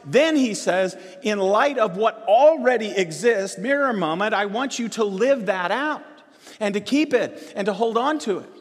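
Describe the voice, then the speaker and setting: A man with a high, light voice delivers a sermon as pastor. He swells on emphatic words, then falls back low and soft. His voice carries a long reverb from a large church hall. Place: church sanctuary.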